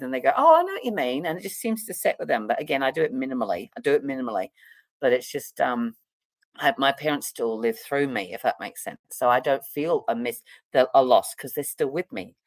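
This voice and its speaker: A middle-aged woman who works as a psychic and counselor chats casually in a rambling vlog, full of fillers and restarts. Her voice is extremely low-pitched, and the recording is dry.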